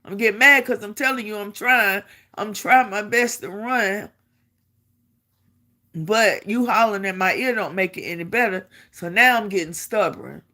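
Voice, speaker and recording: A middle-aged woman tells a personal story in a casual, lively way. Her voice is bright and forceful, and she slips into the voices of the people she quotes. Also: mid-range voice, moderate pace. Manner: animated, acts out quotes, laughs while telling. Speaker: vlogger.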